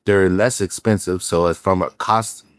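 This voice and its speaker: A man, a real estate entrepreneur telling animated stories as a podcast guest, acting out the quotes with many fillers and restarts. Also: low-pitched, normal speed, no echo, studio quality. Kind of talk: casual storytelling interview.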